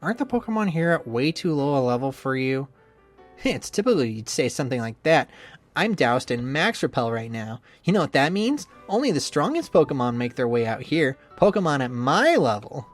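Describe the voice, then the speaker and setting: Brief: a reader putting on a resentful young rival guy. Sneering, profane, lively swings in pitch, faint music underneath. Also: normal speed. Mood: bitter. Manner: sneering, swears often. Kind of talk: visual novel voice acting.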